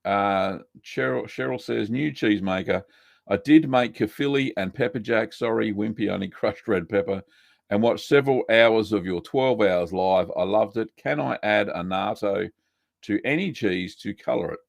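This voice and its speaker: A man hosting a live cheesemaking Q&A, relaxed and chatty, reading out viewer messages with lots of ums. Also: fairly low pitch, moderate pace, gravelly, dry recording, clean studio sound. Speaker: cheesemaking show host answering live chat. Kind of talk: casual live-stream Q&A.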